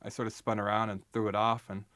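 A man's voice: on the low side, flat delivery, quick pace, fairly bright tone, dry recording. A young adult man from the United States, a writer talking as an interview guest in an emphatic, wry, storytelling way with frequent restarts. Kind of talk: animated conversational interview.

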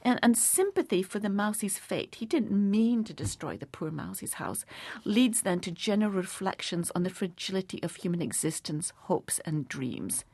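A woman guest talking about a poet and his verse, explaining in a lively, expressive way. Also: mid-range voice, normal speed, hardly any pauses, slightly rough, no echo. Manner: expressive, animated recitation. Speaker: guest speaker on poetry. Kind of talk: explaining and reciting poetry.

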